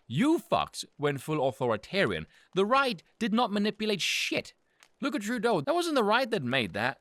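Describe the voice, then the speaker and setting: A man rants through political commentary in an angry, sarcastic and profane way. His voice is bright and tense, and his pitch swings widely between sneering lows and indignant highs. The sound is dry and close, with no room around it. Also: no room sound. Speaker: political commentary channel host.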